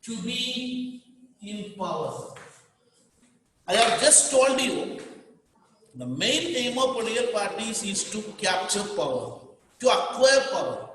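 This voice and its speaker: Indian male teacher, high voice, emphatic and repetitive, booming hall reverb. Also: very animated, unhurried, fairly bright tone, slight background noise. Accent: Indian English. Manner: repetitive, emphatic, dictating to students. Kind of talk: classroom lecture.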